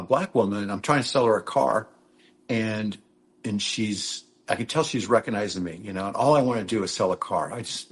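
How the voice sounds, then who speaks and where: An older actor from Minnesota, a guest in a casual interview, telling rambling anecdotes and acting out quoted lines. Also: male voice, lowish voice. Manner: rambling storyteller, acts out quotes.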